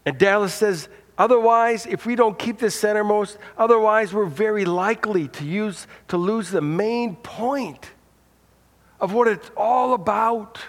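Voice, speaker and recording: A man's voice: high voice, measured pace. Male pastor, sermon delivery, earnest, repeats openers, long church-hall reverb. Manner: earnest, repeats words when starting phrases.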